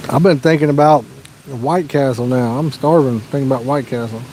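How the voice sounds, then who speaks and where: A man's voice: mid-range voice, a little fast, noisy background. A Midwestern American man hosting a fishing livestream outdoors by a lake, chatting casually and answering viewers' questions. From Midwest USA.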